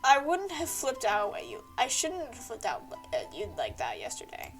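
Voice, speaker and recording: Game role: brooding young guy, defensive and curt, read by a woman lowering her voice. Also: wildly swooping pitch, moderate pace, fairly bright tone, soft background music, heavily acted. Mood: apologetic. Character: brooding young man, quick-tempered.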